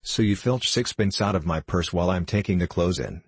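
A tired miner's wife, speaking quietly and coldly with open contempt, as a male narrator reads her lines. The voice stays low and slightly husky, recorded dry and close. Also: fairly quick, no room sound. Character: cold, weary miner's wife, middle-aged woman.

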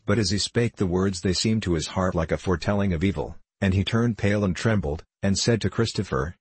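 Low, husky male storyteller. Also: dry recording. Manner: measured, formal storytelling. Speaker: audiobook narrator. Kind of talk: scripted narration of an archaic tale.

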